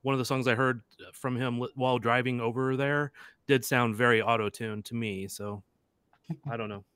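A man's voice: mid-range voice, fairly even intonation, normal speed, a bit bright, clear, resonant tone, dry recording. A man co-hosting a casual sports podcast, dry and wry with hesitant restarts. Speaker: podcast co-host.

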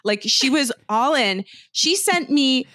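Young woman podcast host, animated storyteller; higher voice, dry sound. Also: slow pace, no room sound. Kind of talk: casual chat.

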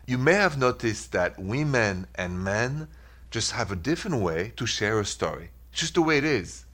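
A man's voice: fairly low pitch, sing-song, normal speed, a bit bright. A man with a French accent hosting a call-in advice show, upbeat and reassuring. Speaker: radio advice show host.

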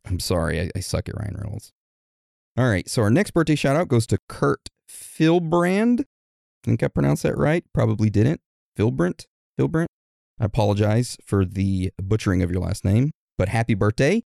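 Man, podcast host, joking, self-deprecating, lowish voice, dry close sound. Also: very animated, moderate pace, gravelly, a little mellow, dry recording. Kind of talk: casual chat, reading shout-outs.

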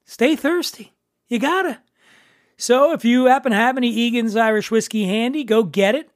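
A man's voice: extremely high pitch, normal speed, dry recording, studio quality. A man hosting a podcast in a casual, jokey, teasing way. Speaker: podcast host.

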